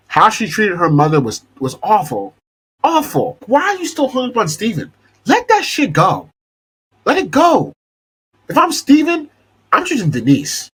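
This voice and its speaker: A young man hosts a podcast in an exasperated, casual rant, swearing freely. His voice is husky and sits a bit high, with wildly lively pitch swings. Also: low-quality recording. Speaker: podcast host. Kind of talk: casual rant about a TV show.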